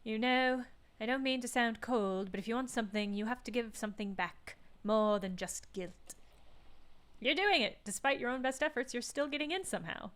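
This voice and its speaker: A woman's voice: a little high, moderate pace, a bit bright, lightly acted. A woman voicing a poised female corporate negotiator with a put-on British accent, polite and formal.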